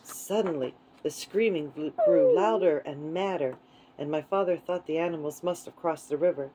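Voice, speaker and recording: A woman reading a children's book aloud in a gentle, unhurried way. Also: deep voice, very animated, a little hiss or hum, rough recording. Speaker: storyteller.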